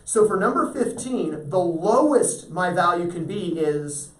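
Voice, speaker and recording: A man's voice: sits high, animated, measured pace. Male teacher lecturing in an echoey classroom. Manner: asks the class frequent check-in questions. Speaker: math teacher. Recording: roomy echo, voice from far off.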